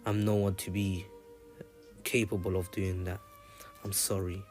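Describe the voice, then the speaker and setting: A man's voice: low voice, little pitch movement, a little slow, darkish tone, faint music behind. A man voicing a loving older brother ninja, speaking earnestly and tenderly in a farewell. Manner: earnest, tender, repeats goodbyes.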